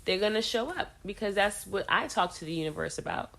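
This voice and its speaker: A woman's voice: mid-range voice, expressive, a little fast, vocal fry, a bit bright. A woman in her forties co-hosting a casual commentary chat, talking expressively and reflectively, often restarting her sentences. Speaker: podcast co-host.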